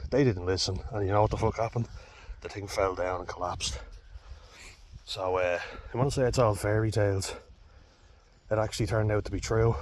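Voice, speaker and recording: A man's voice: sits low, a little hiss or hum. A young Irish man talking in a rambling, blunt and sweary way, vlogging outdoors on a walk. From Ireland. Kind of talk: casual vlog while walking a dog outdoors. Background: faint outdoor ambience, dogs barking.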